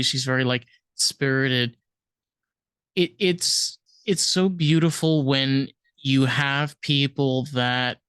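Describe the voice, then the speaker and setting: A podcast host chatting casually and rambling loosely, high and trailing off into restarts. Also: a bit bright, clean tone, no echo, studio quality. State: high on weed. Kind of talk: casual chat.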